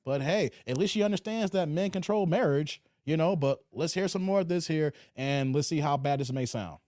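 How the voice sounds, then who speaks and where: Animated high-pitched guy hosting a live stream, dry close mic, reads chat and cracks up. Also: moderate pace, dry recording. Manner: animated, laughing, talks to chat and reads out comments. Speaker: host reacting to clips. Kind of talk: live-stream reaction commentary.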